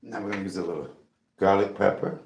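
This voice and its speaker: A man's voice: low voice, fast, gravelly, darkish tone, reverberant, slight background noise. A man cooking in his home kitchen for a casual vlog, chatting and calling out to his viewers as he seasons his food. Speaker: cooking vlogger.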